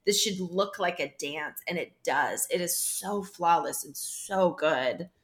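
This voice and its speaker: A woman's voice: fairly low pitch, unhurried. A woman co-hosting a podcast in casual chat, gushing and emotional, laughing often. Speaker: podcast co-host.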